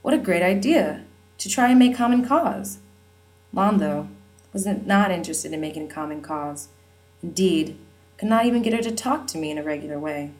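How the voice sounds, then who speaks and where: A woman's voice: lowish voice, expressive, normal speed, darkish tone, rough recording. Wry woman narrating a novel. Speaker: audiobook narrator. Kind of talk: first-person novel narration.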